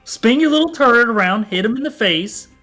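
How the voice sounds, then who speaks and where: A man voicing a pushy, smooth-talking male android who brushes off every worry in a tabletop game. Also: very high-pitched, lively intonation, bright, forceful tone, faint music behind, voice pushed up, exaggerated voice. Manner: pushy, dismissive, fast-talking.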